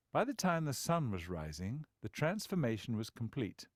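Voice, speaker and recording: A male narrator reads a story with lively, expressive intonation that swings widely. He tells it with a wry storyteller's touch. The recording is close and dry, with no room around it. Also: medium pitch, normal speed, few pauses, no echo. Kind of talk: scripted narration.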